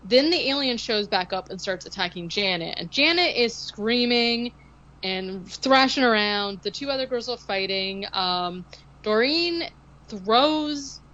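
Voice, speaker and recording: A woman's voice: mid-range voice, a bit bright, muffled recording. A woman co-hosting a podcast, recapping a film in casual, rambling chat full of likes and ums. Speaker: podcast co-host.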